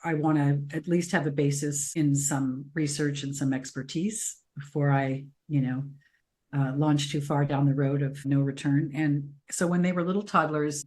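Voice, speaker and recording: A woman's voice: low voice, moderate pace. A middle-aged woman co-hosting a podcast, chatting casually and telling stories in which she acts out her children's voices. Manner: animated storyteller acting out children's voices. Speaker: podcast co-host. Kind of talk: casual chat.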